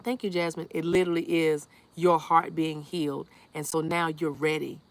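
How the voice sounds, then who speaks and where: Gravelly-voiced woman giving a tarot reading. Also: low voice, flat delivery, moderate pace. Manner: reassuring, repeats affirmations; addresses viewers directly, reads chat aloud. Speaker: tarot reader.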